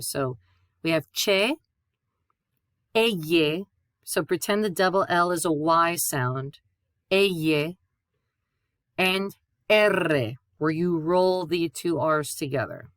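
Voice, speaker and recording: A woman teaching a Spanish lesson, patiently spelling out letters and repeating sounds clearly. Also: low-pitched, no echo, studio quality. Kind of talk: classroom lesson.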